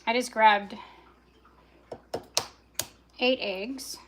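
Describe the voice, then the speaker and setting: A woman with a slightly high voice talks slowly as she cooks in her home kitchen, narrating each step to herself and her viewers. Her chat is loose and self-directed, full of small asides. Household noise stays clearly audible behind her. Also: steady tone, low-quality recording. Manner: chatty self-narration, muttering to herself, bursts of yelling at her dog. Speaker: vlogger cooking on a livestream. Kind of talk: casual talk while cooking.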